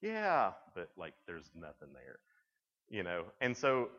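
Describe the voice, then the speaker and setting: A young man speaking to junior high students, telling stories in a conversational way with frequent restarts. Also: sing-song, measured pace, sharp tone, in a large hall. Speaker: youth speaker. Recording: dull lo-fi sound.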